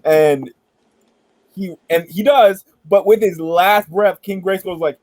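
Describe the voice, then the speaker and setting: A man hosting a casual entertainment chat, retelling a backstory in an animated, joking way and swearing casually. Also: high-pitched, measured pace, no echo, rough recording. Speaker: podcast host.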